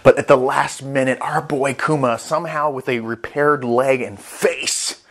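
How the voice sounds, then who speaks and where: A man reviewing a comic chapter in casual vlog commentary, rambling and excitable, swearing freely. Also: mid-range voice, a little slow. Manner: rambling, excitable, with profanity and restarts.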